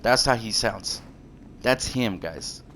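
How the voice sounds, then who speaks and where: A man's voice: fairly low pitch, slow pace, fairly bright tone, a little hiss or hum. A man ranting casually to his viewers in a heated, repetitive way, full of slang. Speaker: gaming YouTuber. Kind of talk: casual rant to camera.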